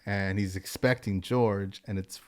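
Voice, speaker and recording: A man with a lowish voice talks through a movie on a podcast. His retelling is animated and loose, full of slang and "like." It sounds like casual chat between friends. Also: unhurried. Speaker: podcast co-host.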